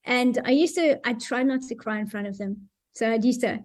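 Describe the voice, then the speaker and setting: A middle-aged Australian woman from Sydney, a para-surfer, speaks candidly as a guest in a casual interview conversation, laughing now and then as she recounts things. Her voice is fairly high, brisk, and slightly mellow.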